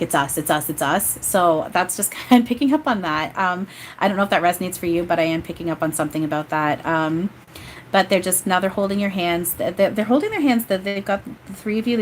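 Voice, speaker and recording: A woman's voice: lowish voice, slight background noise. A woman giving a casual livestream channeling reading, chatty and rambling, often breaking into laughter. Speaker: psychic medium.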